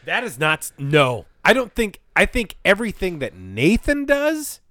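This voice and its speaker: A man co-hosting a casual podcast, retelling scenes with excited, profane storytelling. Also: high voice, normal speed, no room sound. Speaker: podcast co-host. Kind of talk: casual chat.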